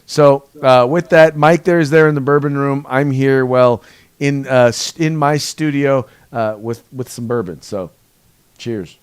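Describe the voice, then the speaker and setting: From his home studio, a man hosts a casual political podcast, mixing news commentary with jokey, sarcastic asides. His voice is medium-pitched, unhurried, and clean, recorded dry.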